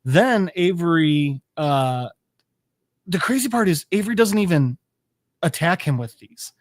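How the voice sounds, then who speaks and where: A man's voice: fairly high pitch, expressive, a little slow, no room sound, clean studio sound. A man co-hosting a podcast, recapping a show casually and loosely, with plenty of fillers and swearing. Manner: rambling, loose with fillers and profanity. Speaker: podcast co-host.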